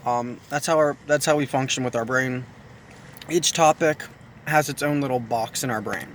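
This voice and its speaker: A man's voice: medium pitch, very animated, slow pace, long pauses, a bit bright, slight background noise. A man hosting a casual video talk with his partner. He is chatty and pokes fun at himself, and he explains his points by repeating phrases. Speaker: video host.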